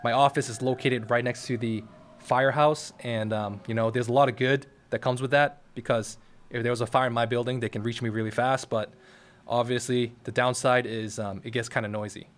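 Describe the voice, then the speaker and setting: A young man hosting a YouTube how-to, coaching viewers in a direct, casual way and checking in with "all right?" He is in his office next to a firehouse. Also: mid-range voice. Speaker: YouTube tutorial host. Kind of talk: casual how-to talk to camera.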